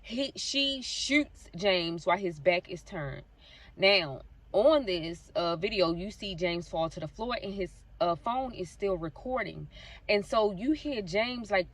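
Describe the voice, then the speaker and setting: A woman's voice: medium pitch, expressive, unhurried, far from the mic. A woman vlogger casually retelling a true-crime story, chatty and talking straight to her viewers with lots of fillers. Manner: chatty, addresses viewers directly, frequent fillers like "so basically".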